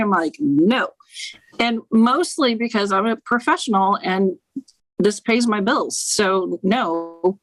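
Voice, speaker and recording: A frank, no-nonsense woman talks about reading tarot in relaxed conversation. She is blunt and swears without hesitation. The sound is dry and close. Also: medium pitch, dry recording, rough recording. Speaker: tarot reader and author. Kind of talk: casual conversation, interview guest.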